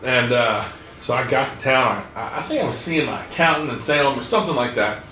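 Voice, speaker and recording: A man's voice: mid-range voice, fairly quick, sharp tone, echoey room, distant mic, a little hiss or hum. A man hosting a podcast, telling a rambling, profane story and laughing along the way. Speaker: podcast host. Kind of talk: casual storytelling.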